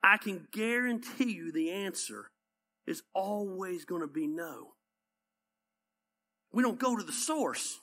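A Southern-accented male pastor delivering a conversational sermon. His voice is bright and his pitch swings widely as he tells stories, hammering his points home through repetition. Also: slow pace, long pauses. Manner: animated storytelling, repeats points for emphasis.

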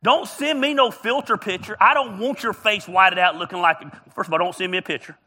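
A man's voice: high-pitched, brisk, bright, forceful tone. A man preaching a humorous, storytelling sermon as a pastor, joking and teasing his congregation. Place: church auditorium.

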